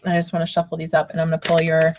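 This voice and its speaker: A woman's voice: low voice, completely flat delivery, very fast, highs cut off, background noise. A woman giving casual card readings on a live stream, rambling with lots of fillers, laughing and apologizing often.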